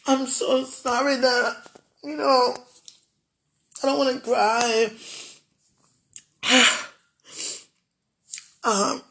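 Slow, heartfelt woman praying aloud. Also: on the high side. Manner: heartfelt, tearful, halting, with soft laughs and sighs. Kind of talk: emotional spoken prayer and personal message.

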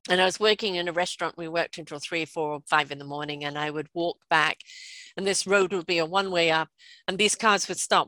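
A British woman in her sixties telling stories in a chatty, lively way, often laughing and checking in with "right?". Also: on the low side, brisk, no room sound. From Britain. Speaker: guest. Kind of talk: casual storytelling conversation.

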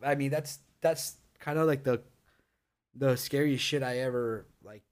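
A man's voice: mid-range voice, a little slow. A young man telling a ghost story on a casual podcast, rambling and swearing, packing every sentence with "like" and "dude". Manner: rambling, profane, full of "like" and "dude".

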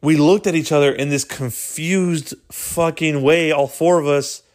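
A man's voice: fairly high pitch, steady tone, a little slow, darkish tone. A young man hosting a podcast, casually telling a story with lots of swearing and laughter. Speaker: podcast host.

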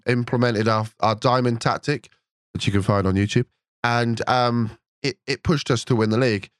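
A man co-hosting a podcast, chatting and telling a long story with excited energy. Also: mid-range voice, no room sound, studio quality. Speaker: podcast co-host. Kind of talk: casual podcast chat.

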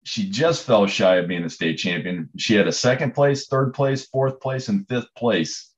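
A man's voice: fairly low pitch, measured pace, muffled recording. A man, a coach, telling stories in a conversation, rambling with many fillers and restarts. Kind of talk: storytelling in conversation.

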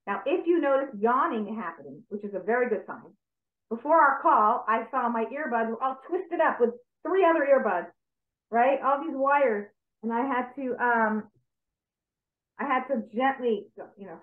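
A woman stress coach calmly guiding listeners through a breathing exercise step by step on a video call. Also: a little high. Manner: calm, step-by-step instructive. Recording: tinny call audio in an echoey room.

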